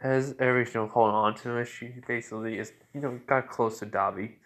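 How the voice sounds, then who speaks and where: A man telling a made-up fan story in a loose, rambling way. He keeps correcting himself and fills the gaps with casual fillers. His voice sits at an ordinary middle pitch. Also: fairly even intonation, fast, a bit bright.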